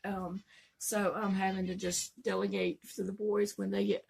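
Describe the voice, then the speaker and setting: A woman tells a long story in a casual vlog, chatty and quick to laugh. Her voice has a gravelly, fry-tinged edge that sits at a middle pitch. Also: level tone, a little mellow. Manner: chatty, laughs often while telling the story. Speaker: vlogger.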